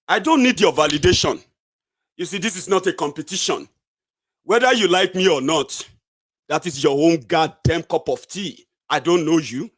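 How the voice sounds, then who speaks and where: High and a bit bright, this male voice belongs to a Nigerian political commentator. In an angry solo rant, he combatively and sarcastically scolds his viewers directly.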